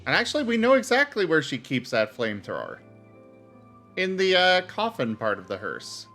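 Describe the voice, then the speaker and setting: A participant in a casual gaming chat, playful and teasing with quick jokes. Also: mid-range voice, wildly swooping pitch, pushed and bright, soft background music.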